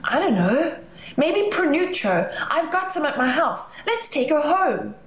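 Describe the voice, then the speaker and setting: A woman voicing a caring, eager little girl in a high, sing-song child voice. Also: big pitch swings, a little slow, exaggerated voice. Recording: roomy echo.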